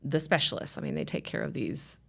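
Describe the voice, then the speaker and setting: A woman in her thirties shares a personal testimony in a low voice with a gravelly edge. She tells it with animation and slips into the voices of the people in her story. Her delivery is emotional and heartfelt. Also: brisk, fairly bright tone. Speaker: guest sharing her story.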